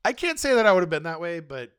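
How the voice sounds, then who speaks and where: A man's voice: sits high, fast, clean tone. A man in casual chat, telling a story with lots of swearing and acting out what other people said. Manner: animated, swears freely, acts out other people's lines.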